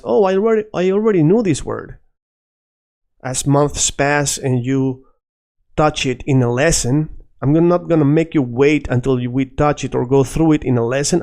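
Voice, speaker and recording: A man teaching a casual video lesson, animated and drilling words by repetition. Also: mid-range voice. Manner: animated, switches between English and Spanish, repeats words for drill. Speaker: Spanish teacher.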